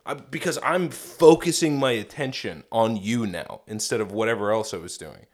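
A man's voice: lowish voice, normal speed, hardly any pauses. A young man co-hosting a podcast, chatting casually, swearing a lot and acting out what people said. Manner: animated, swears often, acts out quoted voices. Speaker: podcast co-host. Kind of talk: casual chat.

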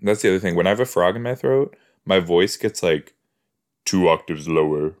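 A podcast host with a deep voice reacts on his own to a TV episode as he watches, speaking fairly quickly. He's chatty, laughs at his own jokes, and throws in rhetorical asides.

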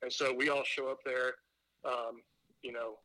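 A man's voice: medium pitch, little pitch movement, a little slow, bright, forceful tone, no room sound, poor audio. A man chatting as a podcast guest, telling rambling stories full of fillers and restarts. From Indiana. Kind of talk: casual chat.

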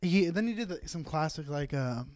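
Young bay area comedian guy, rambling and swearing, smooth clear voice, dry close mic. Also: a little high, fairly quick, no echo. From San Francisco Bay Area. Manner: rambling, profane, animated storytelling. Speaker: podcast co-host and stand-up comedian. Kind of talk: casual chat, storytelling. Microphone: close podcast mic.

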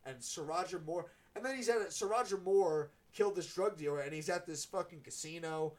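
A man's voice: sits high, fairly quick. A man hosting a podcast, rambling and swearing as he retells a movie. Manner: rambling, swears a lot, acts out movie scenes in put-on voices. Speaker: podcast host. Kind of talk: casual chat.

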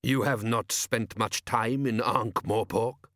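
A man reading an audiobook voices a calm, shrewd desert lord who asks dry, measured questions. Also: medium pitch, no echo. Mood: cool.

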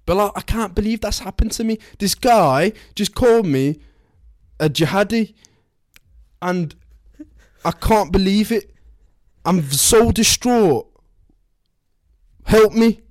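A whiny, overdramatic young wife with a Birmingham accent, as a man puts her on, pitched well above his own voice and pushed loud. She pleads and frets in a dry, close sound. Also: slow pace, pauses often, dry recording. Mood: distraught. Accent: put-on Birmingham accent. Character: distraught young wife, upset, demanding and dramatic.

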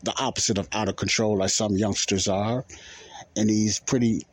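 A man's voice: on the low side, fairly even intonation, normal speed. A middle-aged man hosting a podcast, talking loosely and repeating himself as he comments on video clips. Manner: loose, repetitive, keeps asking if you understand. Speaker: podcast host.

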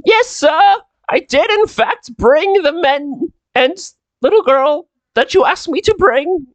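A man voicing a nervous, eager male servant in a very high voice. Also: animated, takes it slowly, dry recording, full character voice.

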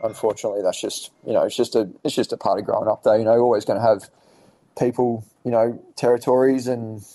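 Mellow-voiced man telling stories. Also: lowish voice, fairly even intonation, fast talker, dry recording, poor audio. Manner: rambling, swears casually, many fillers and restarts. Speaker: podcast guest. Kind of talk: casual storytelling chat.

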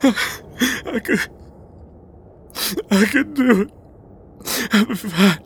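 An actress playing a bitter, hungover female captive who is worn out and sharp-tongued in an audio drama. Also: very deep voice, big pitch swings, measured pace, a little hiss or hum, exaggerated voice. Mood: grieving. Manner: curt, bitter, breaking into sobs. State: hungover and weary.

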